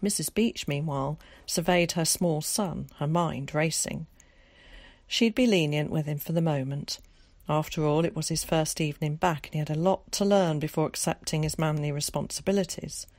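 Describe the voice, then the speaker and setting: A woman narrating an audiobook in a calm, measured way. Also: sits low, dry recording.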